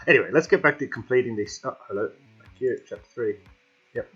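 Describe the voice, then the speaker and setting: With faint music behind him and a slightly dull lo-fi home mic, a man hosting a gaming channel chats as he plays, talking to the game and to himself. He speaks fast in a medium-pitched, slightly rough voice in casual let's-play style.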